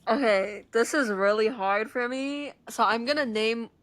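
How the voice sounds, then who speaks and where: A woman's voice: on the high side, unhurried, fairly bright tone, dry recording. A young woman hosting a podcast in casual chat, easygoing and a bit hesitant, often correcting herself. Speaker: podcast host.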